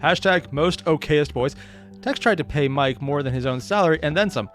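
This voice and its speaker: A man hosting a reaction video, sarcastic and excitable, swearing freely. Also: a little high, moderate pace, faint music behind. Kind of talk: reaction commentary.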